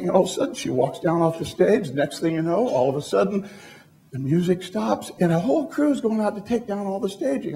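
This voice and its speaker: Middle-aged guy on stage telling a story, fairly high voice, acts out all the lines. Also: a little fast, creaky. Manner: animated, acts out dialogue in the story. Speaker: motivational speaker. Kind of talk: storytelling talk to an audience.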